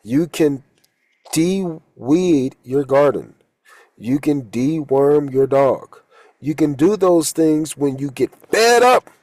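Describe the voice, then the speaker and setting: A man giving a casual, profane talk as a holistic coach and tarot reader, loose and quick to laugh at his own jokes. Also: a little high, mellow, dry recording, poor audio.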